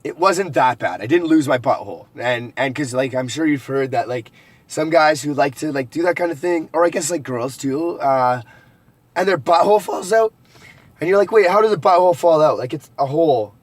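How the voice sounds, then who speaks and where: A man's voice: on the high side, lively intonation, a little fast, dry recording. A young man vlogging a rambling, profane confessional monologue, joking darkly as he goes. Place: rural home at night, partly outdoors.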